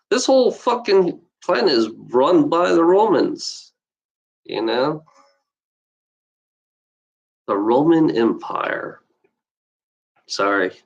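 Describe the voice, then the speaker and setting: A man's voice: mid-range voice, lo-fi sound. A man ranting off the cuff on a livestream, repeating himself, swearing often and tagging lines with "you know". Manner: profane, repetitive, heated, constant "you know". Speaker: livestreaming video blogger. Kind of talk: unscripted rant to camera.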